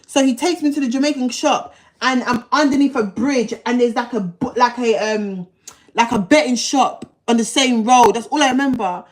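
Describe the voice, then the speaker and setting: A woman telling a personal story on a livestream. She talks bluntly, in slang and profanity, and often repeats herself. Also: high voice. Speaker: livestream host.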